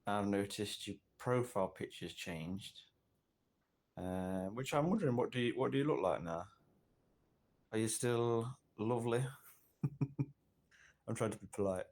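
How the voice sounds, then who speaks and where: A very low-voiced man from Britain records voice notes. He rants hard and swears constantly, pushing each point in an aggressive, combative tone. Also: animated, a little slow, long pauses, a little mellow. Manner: profane, aggressive, ranting. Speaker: voice note sender. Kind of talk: angry voice-note rant.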